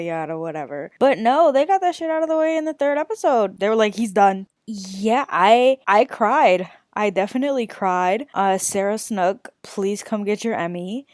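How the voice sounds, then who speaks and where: A young woman vlogging a casual TV show review, animated and quick to swear and laugh through her lines. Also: medium pitch, dry recording, studio quality. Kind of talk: casual chat.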